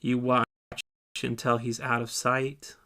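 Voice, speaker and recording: A man with a mid-range voice leads a guided scripture meditation, speaking softly to his listeners. He paces the images slowly and lingers in his pauses. He asks them questions as they imagine the scene. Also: medium pitch, flat delivery, slight background noise. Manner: slow, soft, second-person guiding with lingering pauses. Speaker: church speaker leading a meditation.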